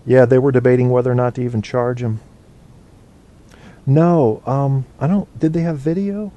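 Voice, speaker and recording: Male host, casual live chat show, mellow warm tone, rambling and profane. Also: mid-range voice, steady tone, moderate pace. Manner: rambling and profane, thinking aloud. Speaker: internet radio host.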